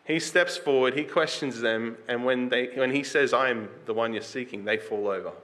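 A man's voice: medium pitch, normal speed, fairly bright tone. A man preaching a sermon in a conversational way, reading scripture and putting questions to his listeners. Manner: reads scripture aloud with rising emphasis.

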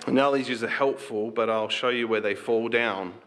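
A man's voice: mid-range voice, fairly even intonation, normal speed, fairly bright tone, a little hiss or hum. A pastor preaching a conversational sermon to his congregation, asking rhetorical questions and reading scripture aloud.

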